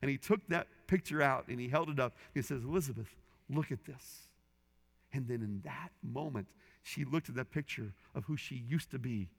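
A man's voice: mid-range voice, a little fast, gravelly, few pauses. A man preaching a sermon as a pastor, earnestly telling a story and quoting others with rising and falling intensity. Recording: long hall reverb.

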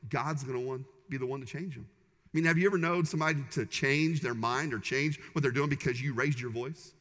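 A man's voice: mid-range voice, a little fast, fairly bright tone. A man preaching a sermon as pastor, conversational and humorous with punchy repeated phrases. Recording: long hall reverb.

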